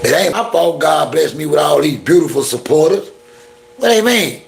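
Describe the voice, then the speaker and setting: Gravelly high-voiced man ranting on a live stream. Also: animated, normal speed, a little hiss or hum. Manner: playful flirting banter with viewers; blunt, exasperated ranting. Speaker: YouTube live-stream host. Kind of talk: casual live-stream chat with viewers.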